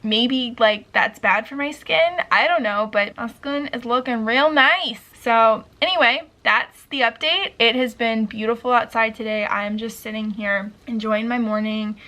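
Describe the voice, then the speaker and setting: A woman's voice: on the high side, bright, forceful tone. A woman in her thirties chatting casually in a vlog, out of breath and rambling with lots of "like" fillers. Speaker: vlogger. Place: at home by a window.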